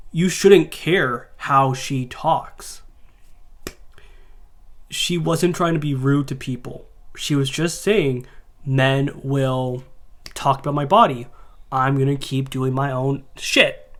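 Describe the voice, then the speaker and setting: A man's voice: mid-range voice, slow pace, long pauses, a bit bright. A man reacting to a video in casual commentary, sarcastic and mocking.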